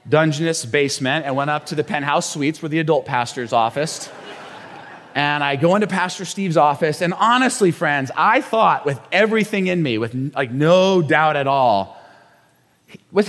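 A man preaching a sermon as a pastor, telling a personal story with animated delivery and acted-out quotes. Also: fairly high pitch, long reverb tail.

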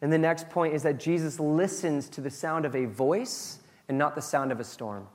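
A man preaching a sermon in a casual, conversational way, moving between loud excited asides and soft, low reflection. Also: moderate pace, in a large hall. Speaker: pastor.

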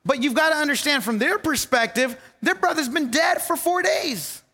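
A man preaching a sermon as pastor, animated, repeating key lines for stress and laughing at his own jokes. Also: very high-pitched, moderate pace, long reverb tail.

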